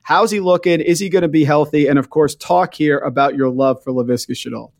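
A man's voice: a little high, fairly quick, creaky. A man hosting a casual podcast chat, setting up topics and asking his guest questions. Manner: conversational, asks questions and sets up topics. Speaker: podcast host.

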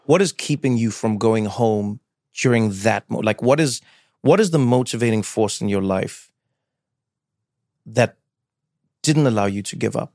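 A man's voice: fairly low pitch, a little slow, pauses often, a little mellow, dry recording, studio quality. A man hosting a conversational interview, asking curious, probing questions. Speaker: talk show host.

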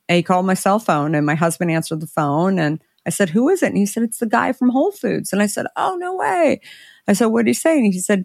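A middle-aged woman, an interview guest, telling a story in a conversational way, animated and acting out the dialogue she quotes. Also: lowish voice, dry recording, clean studio sound.

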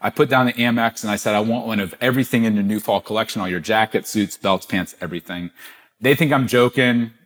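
Lively storytelling man, lowish voice. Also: quick pace. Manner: animated storyteller, acts out quoted dialogue. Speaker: guest, gift-giving business founder. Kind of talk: storytelling in a podcast interview.

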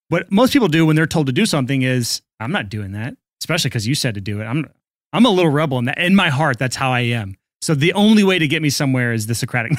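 A man's voice: mid-range voice, no room sound. Podcast co-host guy, jokey and teasing, voice bounces all over, dry recording. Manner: joking, teasing banter. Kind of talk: casual podcast chat.

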